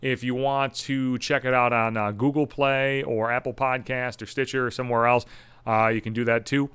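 A man's voice: mid-range voice, flat delivery, moderate pace, fairly bright tone, clear, resonant tone, no room sound. Profane, sarcastic man ranting on a podcast. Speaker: podcast host. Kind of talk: solo podcast monologue.

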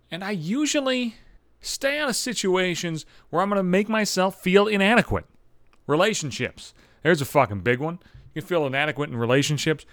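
A man's voice: on the high side, fairly bright tone, dry recording, clean studio sound. A man in his thirties ranting in a profane, self-deprecating comic monologue, exasperated and swearing constantly. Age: 30s.

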